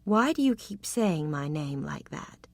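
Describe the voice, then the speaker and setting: A woman voicing a young gentleman who speaks cautiously and properly, a little flustered. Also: low voice, big pitch swings, a little slow, dry recording, heavily acted.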